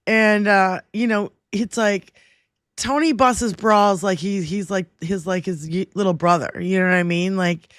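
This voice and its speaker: A woman co-hosts a livestream in a loose, giggly manner, swearing freely. Her voice sits at a middle pitch. It is recorded dry and close. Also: steady tone, normal speed, dry recording. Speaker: livestream co-host. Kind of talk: casual chat.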